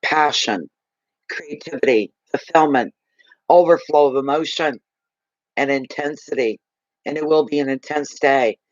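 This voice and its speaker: A man giving a live tarot card reading, gushing and emotional, slow and soothing. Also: medium pitch, dry recording, muffled recording.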